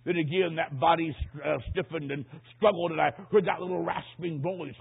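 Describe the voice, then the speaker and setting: A man preaching a sermon with dramatic storytelling that swings from hushed tones to shouting. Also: a little high, fairly even intonation, moderate pace, vocal fry, breathy edge. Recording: tinny, phone-like recording.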